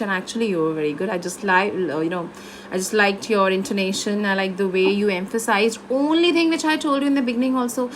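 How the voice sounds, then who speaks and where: A woman's voice: mid-range voice, a bit bright, slight background noise. A woman teaching public speaking on a video call, encouraging her student and explaining how to stress words. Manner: encouraging, explains then demonstrates. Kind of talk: online one-on-one lesson.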